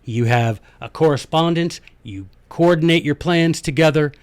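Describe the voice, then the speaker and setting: A man hosting a podcast, giving a casual, animated lecture on history and politics and slipping into little skits. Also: on the high side, moderate pace, no echo. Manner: animated, folksy, acts out little skits in voices. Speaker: podcast host.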